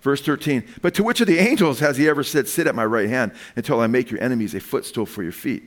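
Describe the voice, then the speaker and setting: A man preaching a sermon, animated, asking his listeners questions and acting out the lines he quotes. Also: mid-range voice, fast. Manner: animated, asks the congregation questions, acts out quotes.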